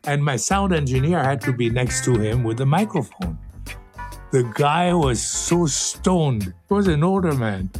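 A man's voice: medium pitch, very animated, measured pace, darkish tone, soft background music. An older man hosting a radio show, bantering playfully through studio outtakes, joking, laughing and breaking into silly song.

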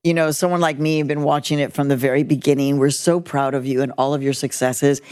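A woman's voice: a bass voice, flat delivery, a little fast, a little mellow, clean tone. A woman hosting a live interview in front of an audience, chatty and joking. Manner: chatty, bubbly, joking, mixes in Spanish. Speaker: radio host. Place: live event space with an audience.

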